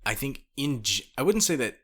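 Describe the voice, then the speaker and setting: A man's voice: mid-range voice, big pitch swings, normal speed, crowd noise. A man co-hosting a podcast in casual chat, laid-back and blunt, swearing casually. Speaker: podcast co-host.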